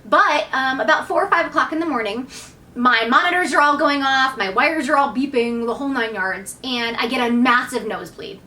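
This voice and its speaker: A woman in her thirties telling a personal story to camera in a candid, animated way, acting out what people said. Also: sits high, moderate pace, far from the mic. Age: 30s. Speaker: vlogger.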